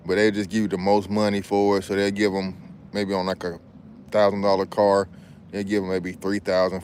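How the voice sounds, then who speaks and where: A man's voice: lowish voice, clear, resonant tone. A man who is a business credit consultant, talking in a casual, slangy, rambling way while vlogging outdoors. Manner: laid-back, slangy, rambling delivery. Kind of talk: casual outdoor vlog chat. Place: outdoors in a backyard hammock. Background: faint outdoor ambience with passing planes.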